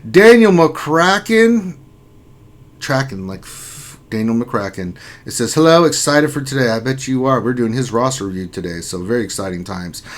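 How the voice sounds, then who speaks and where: Man, mid-pitched voice, gaming livestream host, casual, upbeat, jokey. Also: fairly quick, few pauses. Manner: upbeat, jokey, reads chat names aloud. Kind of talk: casual live-stream chat.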